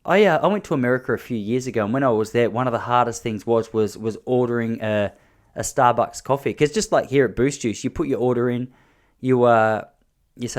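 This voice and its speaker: An Australian man in his thirties hosts a podcast and tells comic stories as a monologue. His voice sits in a mid range, and he rambles and restarts as he goes. His pitch and loudness jump suddenly between stretches of plain talk. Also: fairly quick. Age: 30s. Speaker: podcast host. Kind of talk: comedic storytelling monologue.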